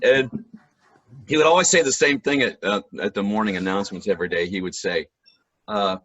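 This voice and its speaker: A hoarse man, a musician and voice actor, telling lively stories on a video call, often laughing and clearing his throat. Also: fairly low pitch, brisk, no room sound. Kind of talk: casual storytelling chat.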